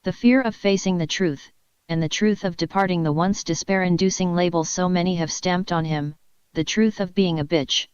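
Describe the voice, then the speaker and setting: A woman narrating a crude comedy story in a deadpan manner, in a dull lo-fi recording. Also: lowish voice, moderate pace, clean tone, dry recording.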